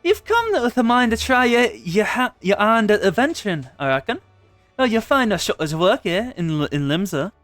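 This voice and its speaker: A weathered tavern keeper growls out his welcome in a rough seafaring brogue, as a man voices him while reading game dialogue. The voice sits high for a man and swings around a lot. The sound is dry and close. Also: expressive, a little fast, fairly bright tone, no room sound, soft background music. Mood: gruff. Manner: rough sailor's brogue, tried and broken off. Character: gruff male tavern owner, old sea dog.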